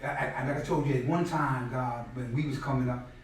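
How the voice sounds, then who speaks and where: A middle-aged man telling stories at a class in a casual, animated way, often acting out what others said and repeating words. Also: medium pitch, brisk, slight background noise. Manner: animated, acts out quoted people loudly, repeats words. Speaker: guest speaker at a class. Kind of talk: conversational storytelling lecture. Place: indoor classroom space. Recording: very echoey room, mic far off.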